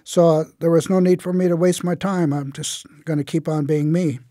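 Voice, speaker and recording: A man voicing Titmouse, a quiet, humble young man who speaks plainly and steadily in a told story. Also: fairly high pitch, moderate pace, no room sound, clean studio sound, lightly acted. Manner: modest, plain-spoken, steady.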